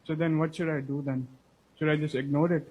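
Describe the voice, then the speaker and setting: A man's voice: fairly high pitch, fairly even intonation, breathy edge, phone-quality sound. Hesitant male caller asking a question. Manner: hesitant, halting.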